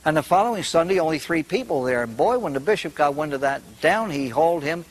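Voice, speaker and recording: Older man, priest, humorous storytelling, animated joke-telling, fairly high voice. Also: fast talker, poor audio. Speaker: priest and speaker.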